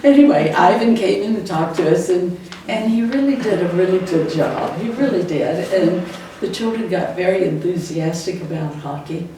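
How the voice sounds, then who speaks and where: An older woman who retired from teaching tells fond stories of her classroom, chuckling often along the way. Her lowish, mellow voice is expressive, moving at a moderate pace with hardly any pauses. The mic is distant in an echoey room, with faint noise.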